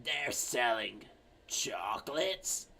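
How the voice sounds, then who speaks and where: A man voicing a cranky, half-deaf very old woman who speaks slowly and shouts. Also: mid-range voice, animated, vocal fry, pitched below the performer's own voice, full character voice. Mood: cranky shouting. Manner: slow, shouting, hard of hearing.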